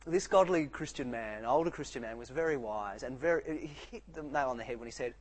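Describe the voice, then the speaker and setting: A man preaching a sermon, swinging between soft, quiet lines and loud, animated outbursts. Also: mid-range voice, brisk, hardly any pauses, poor audio.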